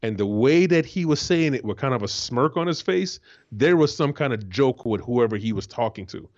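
A man's voice: mid-range voice, lively intonation, moderate pace, lo-fi sound. A man who once played pro football, co-hosting a casual sports talk show in an emphatic, profane way. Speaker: co-host, former football player.

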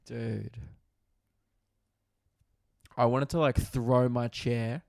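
Young Aussie guy, comedian host, gravelly voice, dry close sound, swears freely while telling a story. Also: mid-range voice, moderate pace, a little mellow, no room sound. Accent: Australian. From Australia, Victoria. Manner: crude, profane storytelling with frequent asides. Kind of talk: comedic podcast monologue. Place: hotel room in quarantine.

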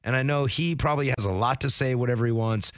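Man, sports radio co-host, rambling storyteller, acts out quotes, mid pitch, dry sound. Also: quick pace, no echo. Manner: rambling storyteller with many fillers; acts out quoted people in his stories. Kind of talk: casual sports radio chat.

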